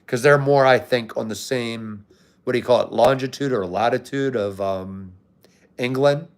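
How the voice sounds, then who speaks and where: An American man hosts a livestream, answering viewers in laid-back, casual chat and swearing now and then. He speaks at normal speed with a medium-pitched voice.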